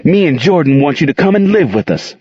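A man's voice: fairly high pitch, very animated, a little fast, darkish tone, husky, dry recording, highs cut off, pitched above the performer's own voice. A man doing a tearful, pleading young mother. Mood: blurting. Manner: pleading, sobbing.

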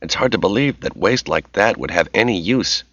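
A man's voice: sits low, lively intonation, normal speed, a bit bright, no echo. A man voicing an irritable, anxious woman who snaps and scolds over an earpiece link. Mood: anxious scolding. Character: anxious, bossy adult woman on the line. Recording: slightly dull dry recording.

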